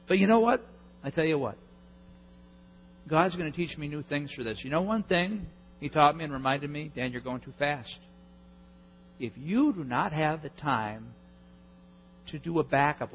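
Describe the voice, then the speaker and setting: A male pastor preaching a sermon, telling a story with lively, self-mocking humor. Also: a little high, slight background noise. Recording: dull lo-fi recording in a hall.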